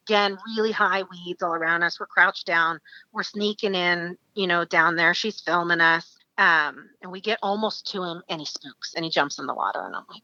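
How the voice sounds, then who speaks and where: A woman's voice: on the low side, dry recording, highs cut off. A woman from Alaska, a podcast guest, telling a story casually, acting out what others said and laughing often. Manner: animated, acts out quoted voices, laughs often.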